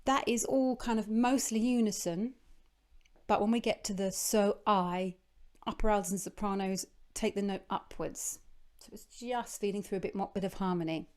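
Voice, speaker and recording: A woman, leading a choir rehearsal and coaching the lower altos in a chatty, encouraging way. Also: normal speed, darkish tone. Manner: encouraging, chatty, breaks into singing phrases. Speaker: choir leader. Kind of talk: vocal coaching with sung demonstrations.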